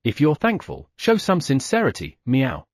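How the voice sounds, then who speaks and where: A man's voice: medium pitch, huge pitch swings, moderate pace, no room sound, clean studio sound. A man voicing a boastful, greedy male talking cat merchant who ends sentences with meow, in an audiobook. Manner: arrogant, scheming. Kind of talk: audiobook character voice.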